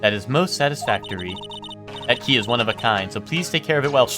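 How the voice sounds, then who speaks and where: A man's voice: medium pitch, animated, quick pace, music in the background, close to an everyday voice. A man voicing a stern, formal older woman who speaks with stiff politeness, reading a game's lines aloud. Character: stern, formal older woman, head of a spirit medium family.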